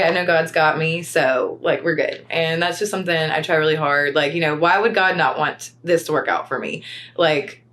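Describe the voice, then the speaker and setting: Chatty woman podcast co-host, low voice. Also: a bit bright. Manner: chatty, laughs often, heavy use of "like". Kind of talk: casual chat. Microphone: podcast microphone.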